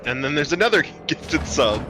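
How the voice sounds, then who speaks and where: A man chatting casually alongside a streamer, giving quick helpful interjections. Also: fairly high pitch, sing-song, music in the background. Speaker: co-host helping the streamer. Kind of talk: casual chat.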